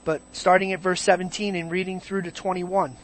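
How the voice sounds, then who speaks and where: A preacher giving a verse-by-verse Bible teaching, emphatic, slowing on key words and asking many rhetorical questions. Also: medium pitch, flat delivery, slight background noise.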